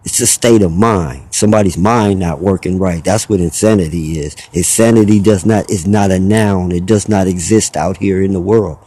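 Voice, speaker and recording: A man's voice: low voice, moderate pace, few pauses, dark tone, breathy edge. A man delivering a rambling, preachy spoken monologue, arguing his point with rhetorical questions and mock voices.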